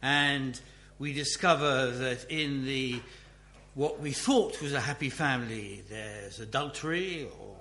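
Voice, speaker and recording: A man giving a Bible teaching talk as a preacher, in a slow, musing way with many restarts. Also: mid-range voice, bright, forceful tone. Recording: echoey room with faint hum.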